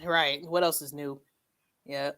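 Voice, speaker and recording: A woman with a slightly low voice hosts a relaxed livestream chat and reads viewer comments aloud. She talks in an animated way and laughs often, calling her audience "y'all". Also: slow pace. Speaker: livestream host.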